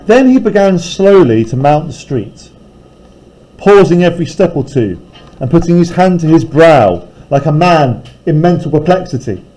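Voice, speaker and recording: A man's voice: a little high, lively intonation, moderate pace, dark tone, poor audio. A male teacher reading a novel aloud in a classroom and breaking off to explain it in casual terms. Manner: reads aloud, then paraphrases casually.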